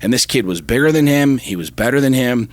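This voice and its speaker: A man's voice: mid-range voice, animated, a little fast. Intense, profane man telling a story. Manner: intense, profane storytelling, rising to emphatic fervor. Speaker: podcast co-host. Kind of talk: casual chat.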